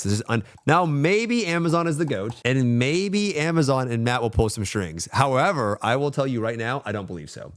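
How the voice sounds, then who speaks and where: A young man streaming, ranting casually and swearing a lot, swinging between grumbling and hyped excitement. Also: mid-range voice, dry recording, studio quality. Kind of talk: casual livestream rant.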